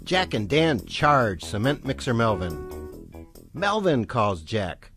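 A man, the book's author, reading his picture book aloud for children's storytime in a slow, expressive way. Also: mid-range voice, husky, soft background music.

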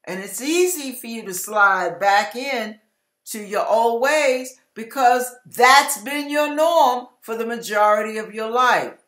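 A woman with a high, bright voice preaching in an emphatic, repetitive way, taking her time over each phrase. She acts out household quarrels in little quoted voices. Her words ring in an echoey room. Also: expressive, slow. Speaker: Christian teacher. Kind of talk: sermon-style Bible teaching.

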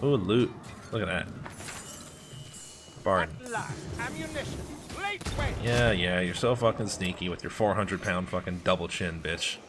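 A man's voice: low-pitched, steady tone, slow, pauses often, background noise. A man from the United States telling a rambling, heavily profane story while he plays a game. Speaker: gaming channel host. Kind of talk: casual storytelling over gameplay.

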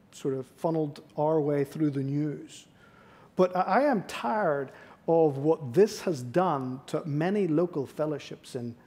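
A man's voice: fairly high pitch, darkish tone. A middle-aged man preaching a sermon in church, telling personal stories in a self-deprecating, confessional way. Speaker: guest preacher. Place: church sanctuary.

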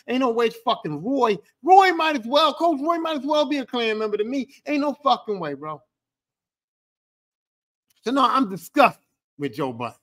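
A man's voice: extremely high pitch, fairly bright tone. A man hosting a podcast alone, ranting in a heated, profane, repetitive way. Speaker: podcast host. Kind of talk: angry solo podcast rant.

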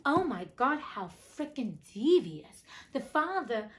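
A woman reading a fairy tale aloud and breaking off for blunt, profane, indignant commentary, her pitch swinging widely. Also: sing-song, slow. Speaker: audiobook reader and host.

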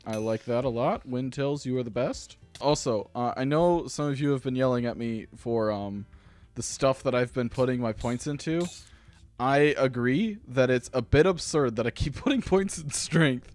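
A man hosting a gaming channel, giving rambling, self-deprecating let's-play commentary with sudden excited outbursts. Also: medium pitch, normal speed, faint music behind.

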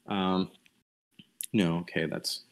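A man's voice: low-pitched, level tone, takes it slowly, clean tone. A young man giving a casual online lecture over a voice call, thinking aloud with frequent restarts and fillers and blunt opinionated asides. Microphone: computer mic on a voice call.

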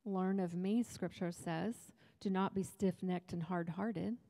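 A woman's voice: on the low side, fairly even intonation, slow pace, vocal fry, dark tone, big-room sound. A woman preaching at a women's retreat, talking to the crowd in a loose, joking way. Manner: conversational, humorous preaching with asides. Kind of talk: sermon. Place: church hall.

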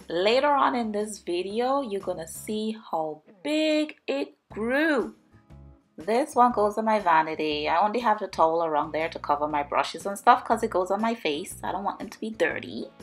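A woman narrating a home plant vlog in a cheerful, chatty, enthusiastic way. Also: on the low side. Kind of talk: casual voice-over vlog narration.

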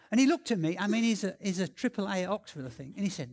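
Excitable man preaching. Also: high voice, very fast, few pauses. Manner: animated, excitable, lots of restarts and repeats. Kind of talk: sermon storytelling.

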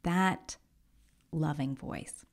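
A woman talks through her own podcast in a gentle, encouraging tone, often easing down to a near whisper. Her voice sits a little low, with a gravelly fry running under it. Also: extremely slow. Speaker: podcast host and coach. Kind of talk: reflective solo podcast talk.

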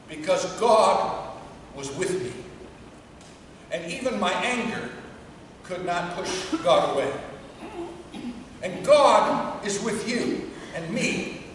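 A woman priest giving a conversational sermon to a congregation, dropping to a hush when she tells a story. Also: mid-range voice, expressive, slow pace, pauses often, slight background noise. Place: church before a congregation. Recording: echoey church from far off.

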